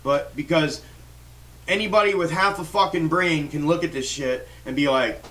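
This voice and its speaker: A man's voice: a little high, moderate pace, fairly bright tone, distant mic. A man hosting a stock trading livestream, ranting in a fired-up, profane way with lots of restarts. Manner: fired-up, swears constantly, rambling restarts. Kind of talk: profane live-stream rant.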